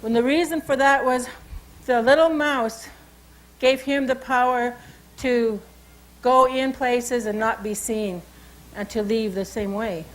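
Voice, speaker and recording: Woman cultural educator, high-ish voice, relaxed conversational storyteller. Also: rough recording. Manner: unhurried, conversational, with frequent asides. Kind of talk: oral storytelling and language lesson.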